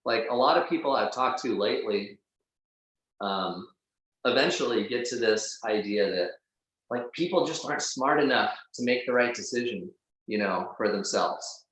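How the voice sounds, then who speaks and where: A man chats freely as a podcast guest, swearing often and peppering his sentences with filler words. His voice sits at an ordinary pitch. It rings out through a strongly echoing room. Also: moderate pace, fairly bright tone. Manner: loose and profane, heavy use of "like". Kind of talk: casual conversation. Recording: very echoey room.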